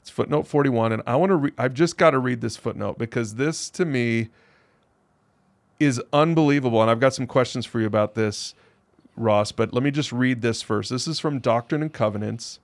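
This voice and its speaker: A man's voice: mid-range voice, normal speed, vocal fry, no echo. A man, a pastor and co-host, talking in a casual discussion and reading scripture aloud, incredulous and emphatic, repeating his phrases.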